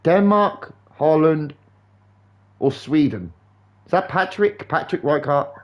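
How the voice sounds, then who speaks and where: A young man chats casually while streaming a game live. His voice sits a little high, and his football banter rambles along, animated and full of swearing. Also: slow.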